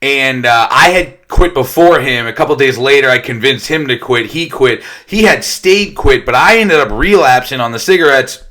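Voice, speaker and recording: A man's voice: medium pitch, expressive, normal speed, few pauses, sharp tone. A young man telling his own recovery story in a casual, blunt way, swearing constantly as he talks. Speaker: detox center worker sharing his recovery story.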